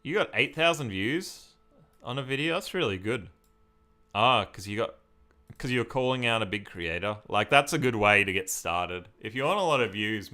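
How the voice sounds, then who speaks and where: On a live stream, an Australian man from Victoria chats casually while reading and answering viewer comments. His voice is mid-range with a sharp tone.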